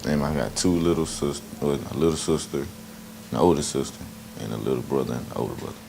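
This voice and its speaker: Teen boy, extremely deep voice, laid-back, short answers, room noise. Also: quick pace, creaky. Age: teens. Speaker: student guest.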